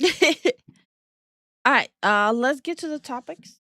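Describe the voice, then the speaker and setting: Woman from estonia, streamer, blunt and outspoken, slightly high voice, dry close sound. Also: animated, slow, sharp tone, no room sound. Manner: blunt, opinionated, swears freely. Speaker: VTuber streamer and co-host. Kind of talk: casual stream chat.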